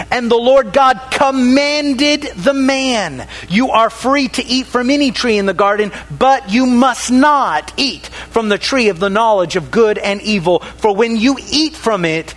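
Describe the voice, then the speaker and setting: High-pitched guy preaching a sermon, slow and drawn out, drops his voice for effect, gets the crowd to answer. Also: fairly bright tone. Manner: dramatic pauses, drops voice low on key words; calls for congregation response.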